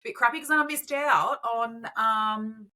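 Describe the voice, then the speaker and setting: A woman's voice: fairly high pitch, a little slow, bright, forceful tone. A woman co-hosting a podcast in casual, rambling chat with many fillers, getting over a cold. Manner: chatty, loose, many fillers. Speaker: podcast co-host.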